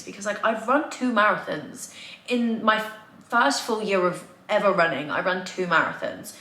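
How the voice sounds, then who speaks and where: A young Englishwoman vlogs casually at home in a lowish, bright voice with a forceful edge, chatty and candid and full of "like." This lifestyle vlogger's confessional clip was recorded in an echoey room with faint ambience.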